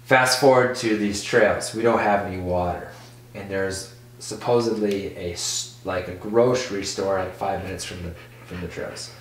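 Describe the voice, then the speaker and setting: A man who is a podcast guest telling a casual story in an animated way, full of "like". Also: deep voice, normal speed, far from the mic, a little hiss or hum. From Michigan. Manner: animated, full of "like", acts out voices in quotes. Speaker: podcast guest, BMX rider. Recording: echoey room, off-mic.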